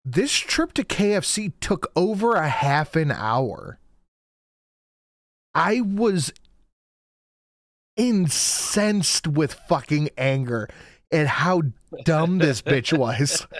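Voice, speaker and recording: A man's voice: a little high, animated, drawn-out words, long pauses, dry recording, clean studio sound. A man telling a story in casual chat, profane and exasperated.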